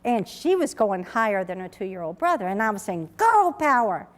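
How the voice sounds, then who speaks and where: A woman's voice: medium pitch, very animated, a little fast. A woman, giving an emphatic, story-driven conference talk as a researcher. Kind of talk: conference keynote speech. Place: large conference hall. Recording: reverberant lecture hall.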